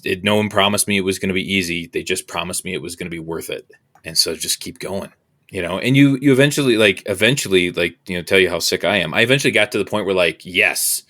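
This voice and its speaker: Low-voiced man telling his story. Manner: animated, acts out quoted voices, swears freely. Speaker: podcast guest. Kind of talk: candid conversational storytelling.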